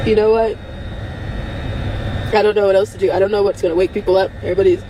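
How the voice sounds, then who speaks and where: A woman's voice: mid-range voice, steady tone, quick pace, long pauses, noisy background. A young woman talking in an emotional unscripted monologue, rambling and strained, close to tears, breaking into nervous laughter between phrases. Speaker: vlogger.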